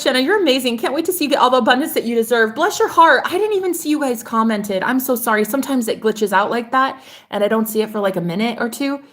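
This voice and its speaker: A woman's voice: a little high, animated, fast, hardly any pauses, a bit bright. A woman tarot reader chatting on a live stream, gushing and swearing freely as she talks to viewers.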